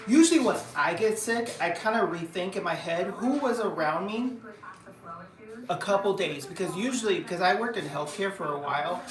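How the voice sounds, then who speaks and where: A middle-aged woman chatting casually on a live stream from her home, rambling with many fillers and restarts. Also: fairly low pitch. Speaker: livestream host. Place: room at home. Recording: echoey room, voice a bit far from the mic.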